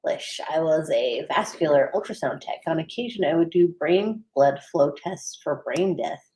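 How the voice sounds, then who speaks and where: A woman's voice: low-pitched, animated, moderate pace, darkish tone. A woman co-hosting a recovery livestream, reading viewer comments aloud and chatting, laughing easily. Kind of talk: casual live chat.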